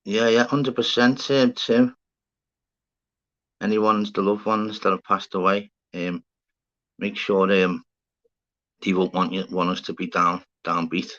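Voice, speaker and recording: A man's voice: sits low, fairly even intonation, a little slow, pauses often, fairly bright tone. A middle-aged Scouse man chatting casually on a livestream, swearing freely and calling his viewers mate and fella. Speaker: livestream host. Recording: slightly dull lo-fi sound.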